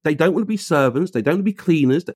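A man tells a story with a lively, swinging voice and slips into the voices of the people he quotes. His slang is casual and the recording is dry and close. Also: a little high, very fast, dry recording. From England. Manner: animated, acts out quoted voices, uses street slang. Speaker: guest.

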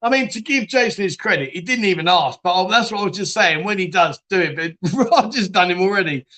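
Chatty man, bright and high. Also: expressive, a little fast. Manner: chatty, laughs often, trails off and restarts. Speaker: live chat show host reading viewer comments. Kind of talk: casual live-stream chat.

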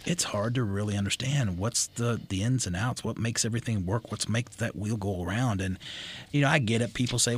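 Husky-voiced male radio host. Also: on the low side, a little fast. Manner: chatty, joking, loose with restarts. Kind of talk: casual talk radio chat.

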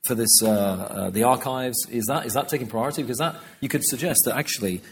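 A man interviewing a guest, steering with brisk questions that often restart. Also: mid-range voice, gravelly, slight background noise.

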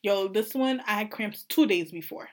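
A woman's voice: medium pitch, normal speed. Slangy, blunt young woman. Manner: blunt, slangy, swears freely. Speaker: podcast co-host. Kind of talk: casual chat.

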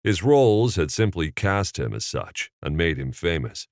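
A man narrating an audiobook chapter in a measured, expressive reading. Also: deep voice, no room sound, studio quality. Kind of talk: scripted narration.

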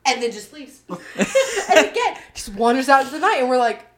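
A young woman in casual chat, telling a lively story and swearing freely. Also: sits high, moderate pace, slight background noise.

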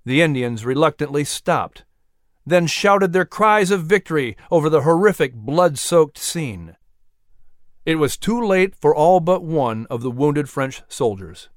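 A man's voice: a little high, animated, unhurried, dry recording, studio quality. Man narrating a dramatic storybook tale.

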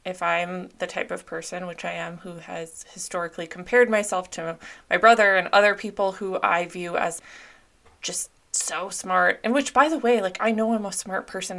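A woman's voice: lowish voice, creaky, a bit bright. A young adult woman hosting a self-help podcast, talking openly and earnestly with lots of fillers. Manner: open, earnest, filler-heavy. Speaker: podcast host.

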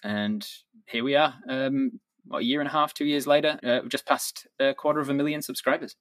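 Relaxed man explaining in an interview. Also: on the high side, a little fast, vocal fry, no room sound. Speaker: guest, dungeon master. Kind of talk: casual interview.

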